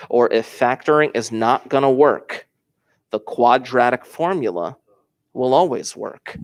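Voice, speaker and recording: A man teaching a math class, explaining each step in order. He repeats the key points and puts heavy stress on important words. His voice sits at an ordinary middle pitch. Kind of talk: classroom lesson.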